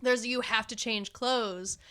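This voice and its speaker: A woman chatting casually about a film on a podcast, animated and quick to laugh. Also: a little high, clean tone. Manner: animated, laughing, quotes characters in voices. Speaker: podcast guest. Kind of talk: casual chat.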